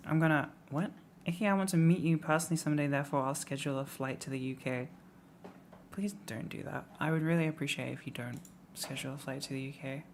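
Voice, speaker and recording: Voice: medium pitch, steady tone, quick pace, a little hiss or hum. Rambling English streamer from the Midlands. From Midlands, England. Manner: rambling, self-mocking, laughs often. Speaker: live streamer. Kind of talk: casual live-stream chat reacting to tips.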